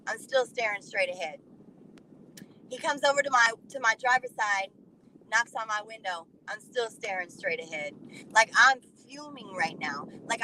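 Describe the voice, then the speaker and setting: A woman telling a personal story in a blunt, animated way, swearing freely. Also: fairly high pitch, slight background noise, rough recording. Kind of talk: casual profane storytelling.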